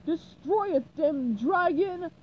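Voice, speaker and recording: A woman's voice: very high voice, lively intonation, takes it slowly, dull audio, slight background noise, voice pushed up, heavily acted. A woman doing a cackling evil wizard. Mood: commanding. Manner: cackling, loud and gloating. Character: tiny evil male wizard, gloating, cackling.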